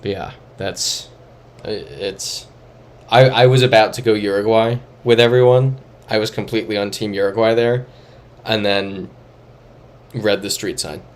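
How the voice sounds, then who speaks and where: A man's voice: lowish voice, steady tone, a little slow. A young man streaming a geography guessing game, thinking aloud and reading chat messages in a casual, muttering way. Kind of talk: casual live-stream commentary.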